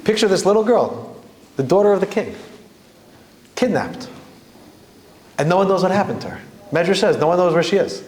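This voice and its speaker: Guy rabbi telling a story to students, kinda high voice, lots of echo. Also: moderate pace, pauses often. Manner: animated storyteller, repeats phrases for emphasis. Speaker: rabbi teaching a class. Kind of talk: storytelling Torah lesson. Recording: echoey hall with faint ambience.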